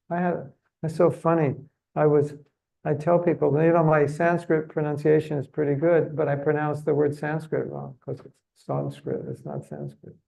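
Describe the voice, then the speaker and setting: A man's voice: on the high side, vocal fry, darkish tone, low-quality recording. A man giving a religious seminar talk in a chatty, humorous, self-deprecating way. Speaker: seminar speaker.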